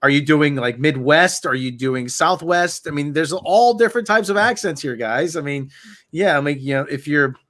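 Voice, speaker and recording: A man's voice: fairly high pitch, normal speed. An American man from the United States co-hosting a roundtable review, talking animatedly with frequent restarts. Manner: animated, rambling, restarts often. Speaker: co-host.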